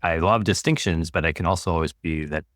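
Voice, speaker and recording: A man with a very low, deep voice, speaking as a guest in a calm, musing way. He lingers over words and ideas, and the recording is dry and close. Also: brisk, no echo. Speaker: author and guest. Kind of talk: reflective conversation.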